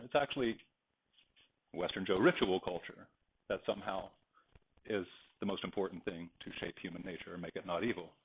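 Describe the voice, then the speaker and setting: A male teacher giving an animated, digressive classroom lecture, acting out little anecdotes along the way. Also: medium pitch, husky. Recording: tinny phone-like lecture recording.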